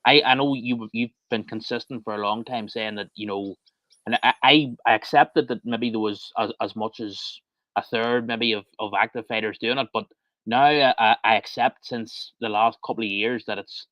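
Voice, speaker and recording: A man's voice: mid-range voice, steady tone, normal speed, no echo, lo-fi sound. A man co-hosting a podcast, speaking hesitantly with frequent restarts in casual chat. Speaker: podcast co-host.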